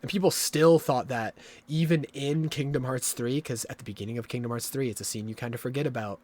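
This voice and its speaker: A man streaming a video game live, explaining the story at length in a rambling, excitable way and swearing often. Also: mid-range voice, fairly quick.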